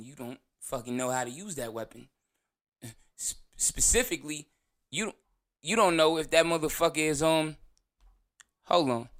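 Man, show host, casual profane monologue, slangy, animated storyteller, fairly high voice.

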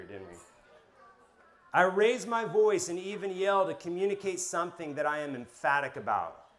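Energetic pastor teaching a live group. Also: male voice, a little high. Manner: energetic, asks the audience questions, tells personal stories.

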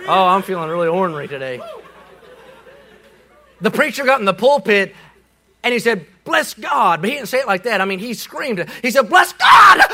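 A man preaching a humorous sermon, telling a story with animation and comic timing, breaking into shouts for emphasis. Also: high voice.

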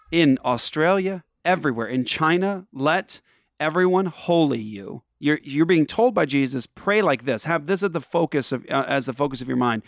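A man's voice: fairly high pitch, gravelly, no room sound, clean studio sound. A man hosting a faith radio show, talking in an earnest, emphatic, preacherly way. He sounds tired from travel. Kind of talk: casual faith talk.

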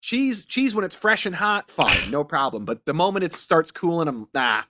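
A man co-hosting a comedy podcast, talking in a casual, animated way and breaking into silly voices. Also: fairly high pitch, moderate pace, very noisy. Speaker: podcast co-host.

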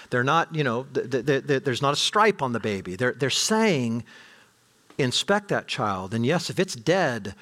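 A middle-aged man preaching a sermon to his congregation, animated, with rhetorical questions and rising intensity. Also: fairly high pitch. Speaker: pastor.

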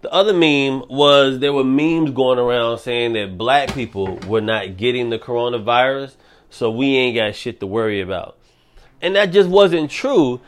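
A young man hosting a solo podcast, ranting in a profane, animated way. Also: mid-range voice, moderate pace, slight background noise. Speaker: podcast host.

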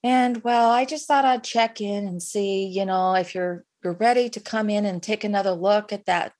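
A woman's voice: medium pitch, moderate pace, a little mellow, lightly acted. A woman putting on the voice of an overly chatty saleswoman leaving a rambling, hesitant voicemail.

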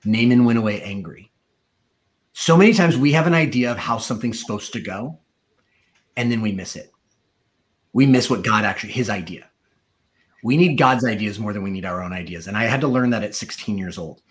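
A man's voice: brisk, pauses often. Man preaching his testimony. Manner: storytelling, acts out quoted voices with rising pitch. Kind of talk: sermon testimony.

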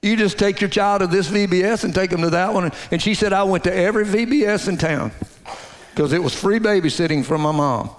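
A man preaching a sermon, telling a story in a folksy way and dropping to a hushed low voice to stress his points. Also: brisk. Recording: long hall reverb.

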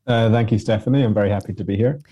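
A man answering as an academic guest in an interview, explaining at length with frequent pauses and restarts. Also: on the low side, no echo, highs cut off. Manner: explanatory, many ums and restarts.

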